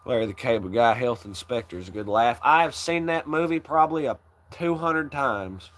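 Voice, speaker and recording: A man's voice: medium pitch, lively intonation, unhurried, pauses often, fairly bright tone. A young man hosting a casual chat, rambling in a laid-back way, swearing often and laughing along. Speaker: channel host.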